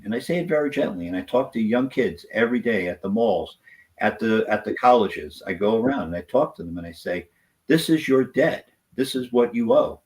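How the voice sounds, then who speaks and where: A man's voice: fairly low pitch, lively intonation, a little fast, a little mellow, poor audio. A man talking as a guest on a political talk show, passionate and rambling as he makes his case. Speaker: conservative activist and guest.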